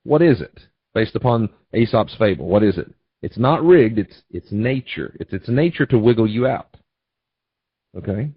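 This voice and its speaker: A man with a low voice teaches a trading webinar, telling homespun stories and checking in with his listeners. The sound is dry and close, with a slightly dull, lo-fi quality. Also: expressive, moderate pace, breathy edge, dry recording. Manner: folksy storytelling, repetitive asides. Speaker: trading educator. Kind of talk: webinar presentation.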